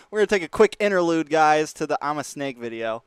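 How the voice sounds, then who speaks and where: A man's voice: fairly high pitch, clean tone, no room sound. A young man livestreaming, chatting casually with his viewers and laughing often. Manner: laughs often, talks straight to chat. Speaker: livestreamer and esports caster.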